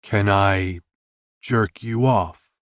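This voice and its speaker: A man's voice: lowish voice, extremely slow, dry recording, clean studio sound. A man voicing a playful, curious young man who teases his partner. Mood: teasing. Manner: teasing, curious.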